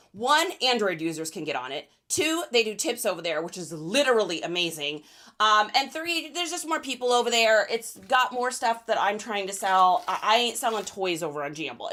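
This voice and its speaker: Bright, animated woman reseller streamer. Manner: high-energy, chatty, reads out viewer names. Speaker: reseller livestream host. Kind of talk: casual livestream chat while packing orders.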